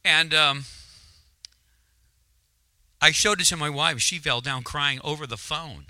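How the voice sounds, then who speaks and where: A man's sermon testimony turns emotional and builds into fervent, rising exclamations as he preaches as a guest in a church sanctuary. His voice is a little high, bright and forceful, and he takes his time. There's no echo, and his handheld mic is at times held away.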